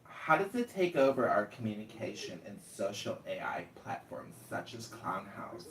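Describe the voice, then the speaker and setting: A man in a casual online group discussion talks in an insistent, argumentative way. His pitch swings widely from line to line. The sound is roomy and distant, with a faint hiss behind it. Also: big pitch swings, moderate pace, hardly any pauses. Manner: insistent, argumentative, complains about being interrupted. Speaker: audio chat room participant.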